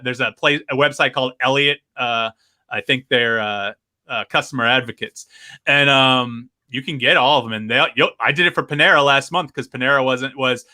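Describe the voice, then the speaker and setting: A man's voice: mid-range voice, bright, forceful tone. A man on a podcast telling a long complaint story, acting out both sides of a phone call. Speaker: podcast host. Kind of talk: casual podcast chat.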